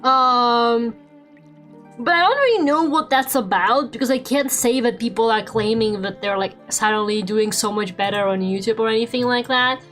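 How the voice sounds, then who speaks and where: Young woman streamer, higher voice, rambly and sweary chat, faint music behind. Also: normal speed, fairly bright tone. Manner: rambling, swears a lot, laughs often. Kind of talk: casual chat while drawing on stream.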